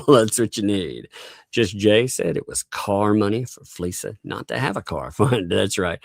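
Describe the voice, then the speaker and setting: A man's voice: lowish voice, animated, unhurried, vocal fry, darkish tone, dry recording, clean studio sound. A male livestream host in casual chat, reading out viewer donations and laughing constantly between remarks.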